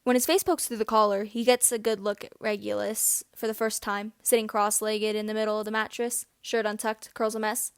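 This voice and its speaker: A woman's voice: mid-range voice, level tone, fairly quick, hardly any pauses, clear, resonant tone, dry recording. Woman reading a story in a dry room. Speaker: audiobook reader. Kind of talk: reading fan fiction aloud.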